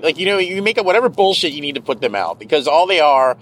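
A man's voice: fairly high pitch, lively intonation, quick pace, fairly bright tone, poor audio. A middle-aged man hosting a podcast, ranting in a casual, sarcastic and profane monologue from his car. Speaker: podcast host. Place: car, driving.

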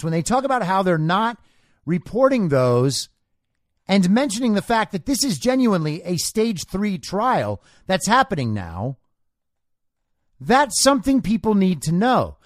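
A man's voice: sits high, dry recording, studio quality. A man hosting a political commentary podcast, lecturing in a combative way and often tagging lines with "okay?". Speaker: podcast host.

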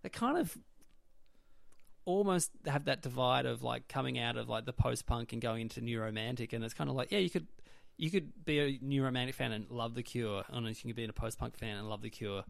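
A man's voice: medium pitch, brisk, creaky, dry recording. A man, a comedian telling rambling anecdotes in casual podcast chat. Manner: chatty anecdotal storyteller, lots of likes. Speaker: guest comedian.

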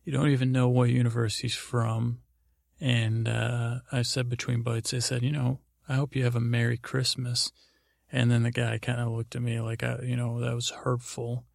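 Gravelly-voiced man rambling through a story. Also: medium pitch, monotone, no echo, clean studio sound. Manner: meandering, halting, with many restarts and fillers. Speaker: podcast host.

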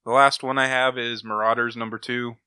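A man's voice: medium pitch, flat delivery, brisk, sharp tone, smooth, no echo. A man hosting a comic book podcast, casually retelling plots in a rambling, enthusiastic way. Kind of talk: casual chat, recapping comics.

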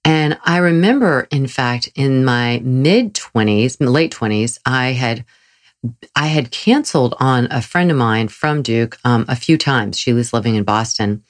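A woman's voice: extremely low pitch, animated, measured pace. A woman giving a casual motivational talk, chatty and enthusiastic, telling personal stories with frequent laughs and fillers. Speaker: motivational speaker.

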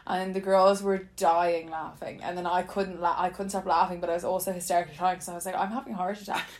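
A woman's voice: on the low side, level tone, fast talker. A young woman animatedly telling a funny personal story in casual chat, often breaking into laughter.

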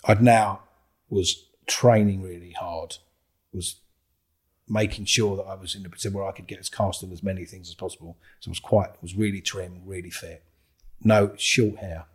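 As a guest on a podcast, a man with a low-pitched, slightly rough voice and a London accent tells a story at normal speed. He's animated, voicing the dialogue himself and cursing freely.

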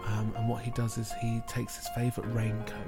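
A man's voice: medium pitch, monotone, fairly quick, over music. A man improvising a comedy story with a co-host, playful and laughing often.

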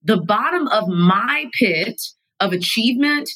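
A woman guest in a studio telling her own story candidly, emphatic and animated, sometimes laughing through her words. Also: a little high, unhurried, slightly rough, rough recording. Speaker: podcast guest.

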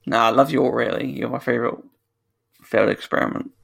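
A man's voice: medium pitch, fairly even intonation, fast, vocal fry, a bit bright, no room sound. A British man co-hosting a podcast, ranting in casual chat with lots of swearing and restarts. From United Kingdom. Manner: ranting, sweary, self-correcting. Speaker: podcast co-host.

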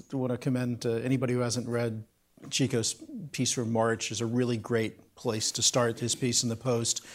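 A man of middle pitch leading a panel discussion. He speaks in a measured way, with small filler words and dry humor. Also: a little mellow.

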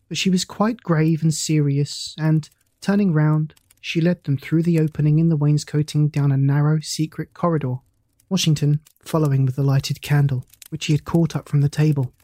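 A reader narrating a classic ghost story in a measured, even storytelling manner. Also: medium pitch, no echo. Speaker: audiobook narrator.

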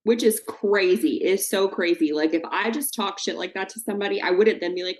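A woman's voice: mid-range voice, brisk. A woman co-hosting a podcast, recapping a reality show in casual, profane chat and putting on the voices of the people she describes. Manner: animated, profane, mimics people she talks about. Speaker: podcast co-host.

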